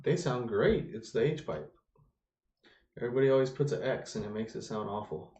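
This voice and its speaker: A man's voice: mid-range voice, brisk, a little mellow, highs cut off. A man co-hosting a casual podcast chat, blunt and laid-back with his opinions. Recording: echoey room.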